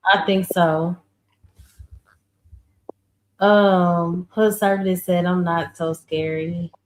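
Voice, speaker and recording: Chill woman host, talks slow and low, bit of room hiss. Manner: relaxed, reacts with short murmurs. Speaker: podcast host. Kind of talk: casual chat.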